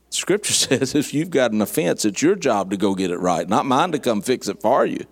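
A man's voice: medium pitch, sing-song, moderate pace, creaky, breathy edge. A middle-aged man, preaching a sermon in a folksy, storytelling way with dry humor. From southern United States. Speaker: guest preacher.

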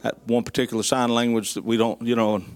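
A man preaching, a folksy, animated storyteller who speaks to his congregation in southern address. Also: medium pitch, fast talker. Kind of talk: storytelling sermon.

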